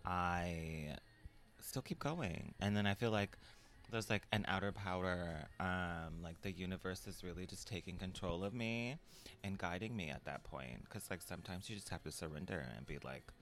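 A man's voice: low voice, moderate pace. A young man, a podcast guest, chatting casually and telling a personal story with filler words. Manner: relaxed storytelling, mimics voices in quotes. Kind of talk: casual chat.

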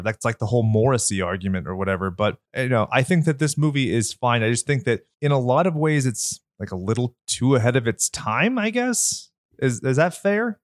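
A man's voice: mid-range voice, fairly quick, few pauses, no room sound. Man, nasal voice, podcast co-host, rambling casual chat, dry close mic. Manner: rambling, candid, lively.

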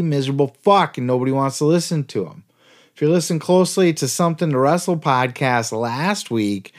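A man hosting a podcast, ranting in a heated, sarcastic way and swearing constantly. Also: fairly high pitch. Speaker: podcast host. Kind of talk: profane ranting podcast commentary.

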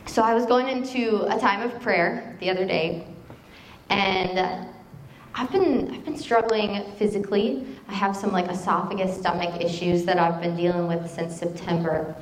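A woman preaching a sermon in a conversational, animated way, telling stories and quoting scripture. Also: mid-range voice, moderate pace, echoey room, slight background noise, poor audio.

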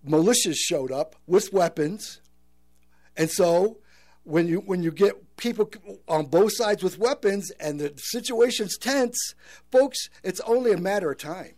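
A man's voice: high voice, animated, measured pace, darkish tone. A man hosting a talk radio show, talking earnestly to listeners and calling them folks.

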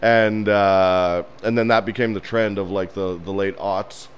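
A man co-hosting a casual podcast chat, telling movie scenes with laughter and rising excitement. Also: lowish voice, unhurried. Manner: animated storyteller, laughs while retelling scenes. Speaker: podcast co-host.

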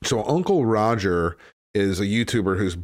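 A man's voice: lowish voice, animated, normal speed, dry recording, clean studio sound. A man hosting a podcast in casual chat, rambling and blunt, with frequent fillers and swearing. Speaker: podcast host.

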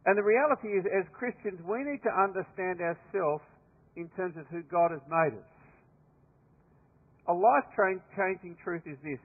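A man in his fifties with an Australian accent, preaching a sermon in a relaxed, conversational storytelling way. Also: sits high, moderate pace. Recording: tinny lo-fi line with long hall reverb.

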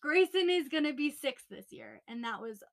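A young woman co-hosting a podcast, telling a story in a chatty, animated way, full of "like" and laughter, recorded in a small closet. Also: high voice, normal speed, vocal fry. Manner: animated, laughing, lots of "like" fillers. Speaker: podcast co-host. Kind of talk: casual storytelling chat.

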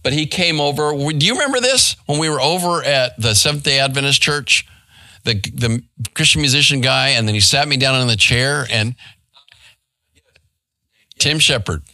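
A man's voice: medium pitch, normal speed, bright, forceful tone, no echo. A middle-aged man and pastor, giving a casual Bible study with many fillers and asides to the room. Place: church hall.

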